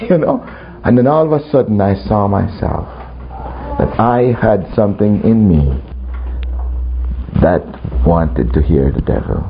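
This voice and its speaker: Slow, lively-pitched male preacher. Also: slight background noise. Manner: storytelling, laughing often. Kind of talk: testimony sermon. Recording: muffled recording with faint ambience.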